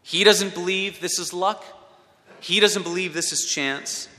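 A man's voice: high-pitched, fairly even intonation, measured pace, sharp tone. A man giving a sermon as a pastor, asking his listeners questions and repeating words as he thinks. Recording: long hall reverb.

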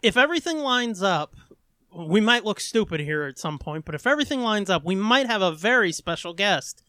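A man's voice: sits high, sing-song, normal speed, bright, forceful tone, smooth, no echo. A man hosting a podcast in casual chat, joking crudely and laughing often. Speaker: podcast host.

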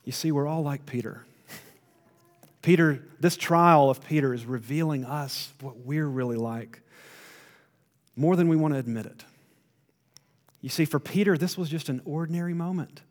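A man preaching a sermon, retelling a story with emphatic rises and quiet drops. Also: a little high, moderate pace, long pauses, long reverb tail. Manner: storytelling, rising to emphatic then dropping to quiet.

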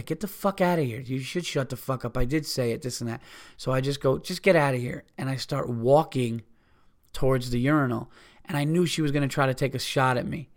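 A man's voice: medium pitch, a bit bright. A man hosting a podcast, telling a profane, heated, rambling story in casual chat. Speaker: podcast host.

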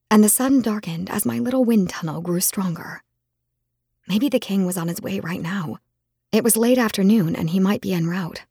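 A woman narrating a fantasy romance audiobook in the first person, expressive and heated in dialogue. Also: medium pitch, gravelly, slightly rough, no room sound, studio quality.

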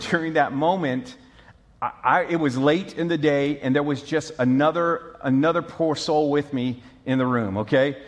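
A man preaching a sermon as pastor, telling stories with lively swings between loud and soft. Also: medium pitch. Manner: animated storyteller, mimics moaning, swings loud and soft.

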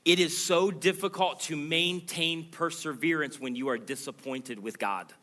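Bright-voiced preaching man. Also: normal speed. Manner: earnest, emphatic preaching that swells louder and higher. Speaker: pastor. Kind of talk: sermon.

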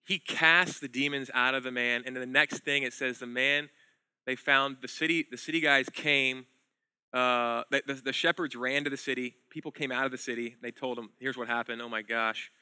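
A man preaching a sermon as pastor, telling a story in a conversational way and swinging between loud emphasis and hushed lines. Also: mid-range voice, fairly even intonation, normal speed, clear, resonant tone, no echo.

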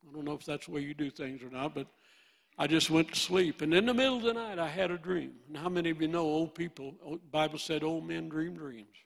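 A man in his eighties with a Midwestern American accent, preaching a sermon and swinging from loud bursts to hushed storytelling. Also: fairly high pitch, fairly quick, vocal fry. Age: 80s.

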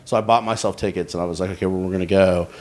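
A man in his forties, a comedian guesting on a podcast, who talks in a loose, rambling way. His voice sits fairly low. He tells his stories with lots of fillers and restarts. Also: fairly even intonation, racing, darkish tone. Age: 40s. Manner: rambling, filler-heavy storytelling. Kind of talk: casual podcast chat.

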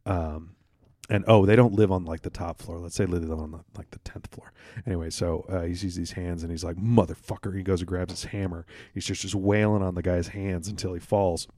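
A man with a fairly low voice rambles through a joke on a casual podcast, stumbling over fillers and restarting his sentences. He swears offhandedly as he goes. The sound is close and dry, with no room around it. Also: fairly even intonation, mellow, dry recording. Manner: rambling, halting storyteller with many fillers and restarts. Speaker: podcast co-host. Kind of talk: casual podcast chat, telling jokes.

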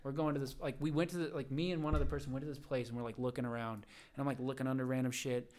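This is a young man, a podcast guest, talking in loose casual chat. His voice sits at an ordinary middle pitch. He piles on fillers and slips into quoting himself while he tells a story. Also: very fast. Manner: rambling, animated storytelling with many fillers and acted-out quotes.

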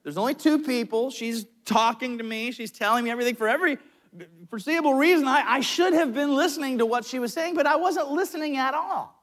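High-voiced man preaching a sermon. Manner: animated storyteller, quick asides, frequent restarts. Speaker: pastor. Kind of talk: sermon with personal stories.

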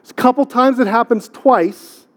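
A middle-aged pastor speaks at normal speed in a very high-pitched voice, giving a conversational sermon in a church sanctuary. He leans on rhetorical questions and repeated words for emphasis, heard through long hall reverb.

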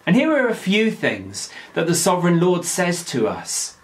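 A man giving a daily devotional talk, reading scripture aloud in a slow, earnest, measured way. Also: sits high, huge pitch swings.

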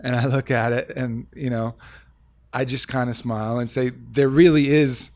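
A man's voice: mid-range voice, level tone, moderate pace. A man in casual podcast conversation, talking reflectively with many fillers and restarts.

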